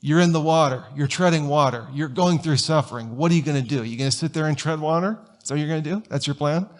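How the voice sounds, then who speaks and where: A man's voice: fairly high pitch, quick pace. A man pastor giving a conversational sermon in a church sanctuary, telling stories and firing off rhetorical questions.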